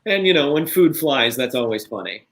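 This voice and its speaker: A man's voice: medium pitch, very animated, normal speed, a bit bright. A man hosting a casual online cast reunion, friendly and often repeating words as he restarts a sentence. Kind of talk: casual interviewing chat.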